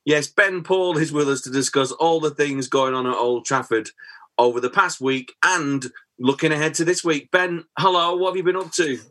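A man hosting a football podcast, chatting casually and analysing a match in quick, lively talk. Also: on the high side. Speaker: podcast host.

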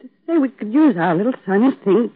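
An actress playing a young mother numb with grief in a 1950s radio drama, hushed and despairing. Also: a little high, animated, a little fast, breathy edge, no room sound. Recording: tinny old radio broadcast.

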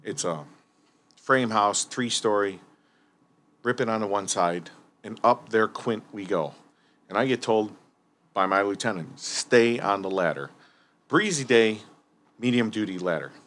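A man's voice: lowish voice, a little slow, pauses often. A man telling firefighting stories in casual, profane chat, acting out what people said. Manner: animated, profane, acts out quotes.

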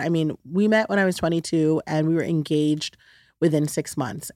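A woman's voice: sits low, darkish tone, dry recording, studio quality. A woman, hosting a podcast and chatting frankly with lots of "like" and "you know". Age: 30s. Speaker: podcast host. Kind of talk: casual personal chat.

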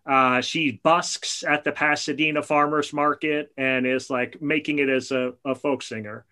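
Middle-aged guy chatting excitedly on a podcast, kinda high and bright. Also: measured pace. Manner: enthusiastic storyteller. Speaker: podcast co-host. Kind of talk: casual chat.

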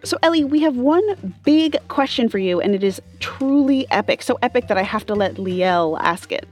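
A woman hosting a scripted kids' game show podcast, playing the brisk, exasperated straight woman. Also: fairly high pitch, lively intonation, darkish tone, faint music behind.

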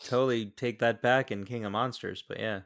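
A man's voice: medium pitch, steady tone, a little fast, gravelly, fairly bright tone. Man trading jokes on a podcast. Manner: joking, teasing banter. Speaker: podcast co-host. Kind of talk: casual movie podcast chat.

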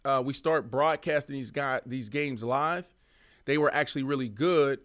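A former wide receiver co-hosts a sports podcast, arguing his points animatedly and swinging from loud to soft. His mid-range voice moves at normal speed in this casual sports debate.

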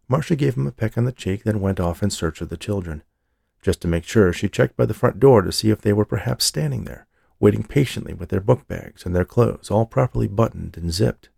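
Deep, gravelly man narrating a story. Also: a little fast, a little mellow, dry recording, studio quality. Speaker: audiobook narrator. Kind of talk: scripted narration.

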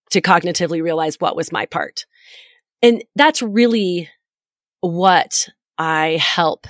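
A woman's voice: medium pitch, no room sound. Woman in her forties, parent coach podcast host: candid and reflective, short broken phrases, dry close mic. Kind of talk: podcast storytelling.

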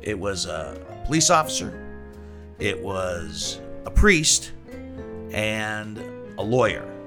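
A man hosting a casual podcast chat over whiskey, with a lively, playful showman's delivery. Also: lowish voice, slow, over music. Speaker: podcast host.

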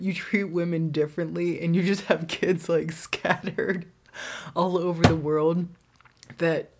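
Husky, frank woman podcasting solo. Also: fairly low pitch, little pitch movement, unhurried, darkish tone. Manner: frank, swears freely, laughs often. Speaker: podcast host. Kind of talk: candid solo podcast monologue.

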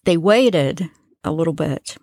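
A woman's voice: sits low, lively intonation, takes it slowly, darkish tone, dry recording, studio quality. An American woman hosting a true crime podcast, retelling a case in a casual, chatty way with asides and filler words. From United States. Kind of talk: casual storytelling lesson.

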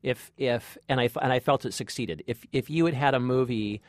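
A man co-hosting a casual movie review chat, halting and full of restarts, with wry humor. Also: medium pitch, no room sound, clean studio sound. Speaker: film critic co-host.

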